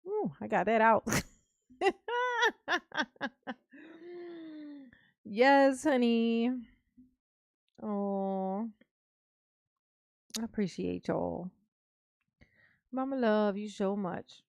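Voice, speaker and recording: A woman's voice: medium pitch, vocal fry, a little mellow, smooth, dry recording, clean studio sound. A woman hosting a casual livestream, talking in an affectionate, playful sing-song way and laughing with her viewers. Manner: calls herself Mama, drawn-out words. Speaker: livestream host.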